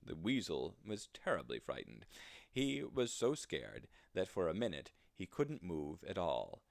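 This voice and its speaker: Low-voiced man reading a children's story. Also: a little slow, gravelly, dry recording, studio quality. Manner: expressive, sing-song storytelling.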